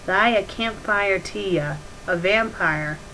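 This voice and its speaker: A woman's voice: medium pitch, bright, forceful tone, a little hiss or hum, rough recording. Edward, a woman putting on a stiff old-fashioned vampire. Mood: stiff, formal. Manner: slow, stilted mock-old-fashioned speech. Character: archaic-speaking male vampire, stiff and smug.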